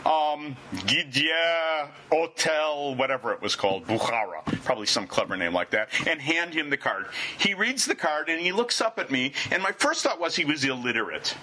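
A man spinning a personal anecdote with a fairly high, bright voice that swoops up and down as he tells it. His delivery is animated and wry, with self-deprecating asides, and a faint ambient hum sits behind him. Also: a little fast, few pauses. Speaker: storyteller. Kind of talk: personal travel anecdote told to listeners.

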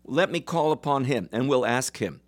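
A gruff giant, as a man puts him on while telling a folk tale, who brushes off questions curtly. The voice is raised a bit and pushed louder, but it stays close to the storyteller's everyday voice. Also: mid-range voice, animated, normal speed, lightly acted. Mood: dismissive.

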